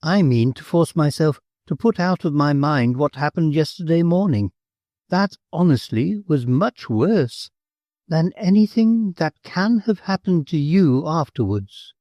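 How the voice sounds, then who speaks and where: A man's voice: on the high side, expressive, a little slow, mellow, no room sound, pitched above the performer's own voice. A man voicing a timid young English heiress who speaks politely and earnestly.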